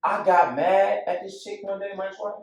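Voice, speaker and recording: A man telling a personal story in a candid barbershop conversation, swinging from hushed to loud. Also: sits high, steady tone, moderate pace. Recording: echoey room, mic far off.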